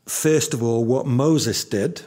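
A man's voice: mid-range voice, slow pace, dark tone. A man in his fifties preaching a sermon as pastor, emphatic and repeating key lines for weight.

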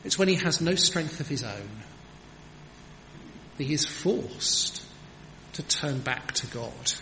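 A man's voice: mid-range voice, animated, slow pace, pushed and bright. A man preaching a sermon in an earnest, emphatic manner, with rhetorical questions. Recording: long hall reverb, faint background noise.

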